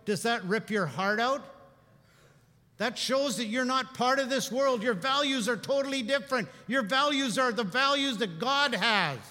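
A man preaching a sermon with a high, bright voice. He tells stories and swings between hushed, quiet passages and animated ones. His voice rings through a hall with a long, echoing reverb. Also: moderate pace. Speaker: pastor.

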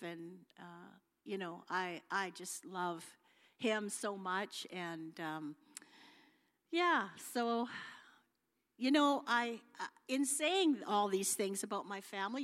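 A woman's voice: medium pitch, a bit bright. A middle-aged woman giving an informal church talk with slides, chatty and homely, with many fillers and restarts. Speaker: guest speaker at church. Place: church hall. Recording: long hall reverb.

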